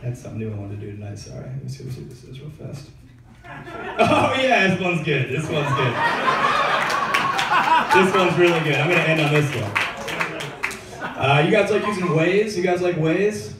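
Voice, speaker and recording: A young man does a stand-up set in a comedy club, telling stories in a relaxed, slang-heavy style packed with fillers. His voice sits on the high side and sounds animated; he talks at normal speed but pauses often, with a crowd audible behind him. Recorded live on stage before an audience, the echoey room makes him sound far away.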